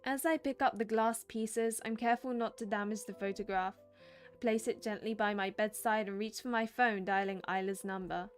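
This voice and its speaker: A young woman streaming herself, reading a romance visual novel aloud and chatting excitedly between lines. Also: mid-range voice, moderate pace, clear, resonant tone, faint music behind. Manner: excitable, laughing asides.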